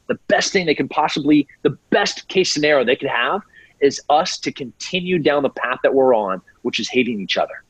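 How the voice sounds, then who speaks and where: A middle-aged American man, a podcast guest, speaks a little fast in a slightly high voice with a breathy edge; the low-quality recording has no echo. Impassioned and animated in the interview, he acts out other people's voices in mocking tones.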